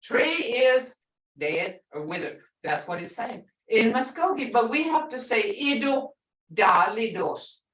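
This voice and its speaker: Lively woman teaching in an echoey room. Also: fairly high pitch, distant mic. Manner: lively, drawn-out teaching with slow spelled-out phrases. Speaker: language teacher. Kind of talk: classroom language lesson. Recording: echoey room, voice a bit off-mic.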